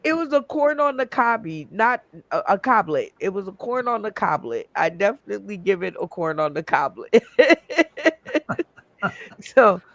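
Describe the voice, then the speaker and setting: A man's voice: high-pitched, expressive, moderate pace, gravelly, a bit bright, no echo. A man hosting a casual comedy game show over a video call, laughing often and rambling with fillers.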